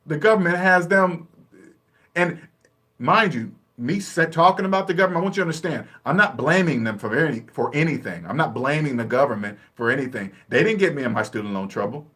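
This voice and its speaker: A man talking bluntly and casually about money and debt, laughing often and acting out quick little dialogues. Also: fairly high pitch, lively intonation, sharp tone, husky. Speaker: personal finance vlogger. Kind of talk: casual live-stream talk.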